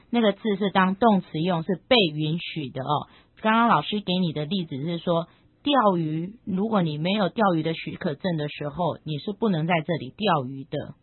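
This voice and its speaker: Female co-host, chatty explainer with drawn-out phrase endings; husky tone, tinny lo-fi recording. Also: on the low side, animated, no echo. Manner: chatty, drawn-out sentence-final particles. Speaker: co-host translating the lesson. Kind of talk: explanatory lesson talk. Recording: tinny narrow-band radio sound.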